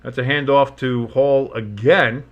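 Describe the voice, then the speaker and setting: A man with a deep, bassy voice doing casual, joking play-by-play commentary of a game, swinging from murmured asides to loud outbursts. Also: fairly even intonation, measured pace, dull audio. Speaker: play-by-play host.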